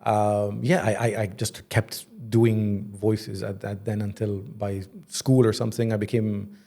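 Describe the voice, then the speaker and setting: In a relaxed interview, a man from Egypt in his forties, who works as a voice actor and creative director, spins lively stories, laughing often and putting on mock accents. He speaks unhurriedly in a lowish voice with vocal fry.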